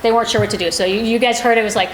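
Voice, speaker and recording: A woman's voice: on the high side, rapid-fire. A woman coaching a student conductor at a band rehearsal, asking him questions and explaining to the group. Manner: lively, asks the conductor questions. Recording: echoey room with clear background noise.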